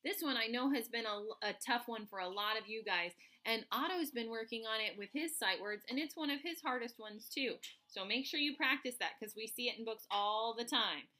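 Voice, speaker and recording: A woman teaching first grade remotely, spelling sight words out slowly, letter by letter, to children. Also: a little high, sharp tone. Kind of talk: remote phonics lesson for children.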